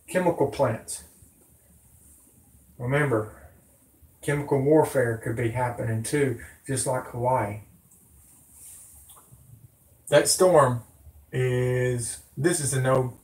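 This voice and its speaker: A man's voice: medium pitch, reverberant. A man ranting on his own news vlog, rambling, folksy and cussing. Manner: angry, rambling, folksy, cusses. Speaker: amateur news vlogger.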